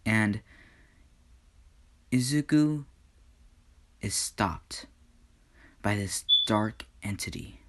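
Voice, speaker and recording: Slow, hushed male storyteller. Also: on the low side, slight background noise. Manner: hesitant, dramatic, with pauses and hushed whispers. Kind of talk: improvised fan story narration.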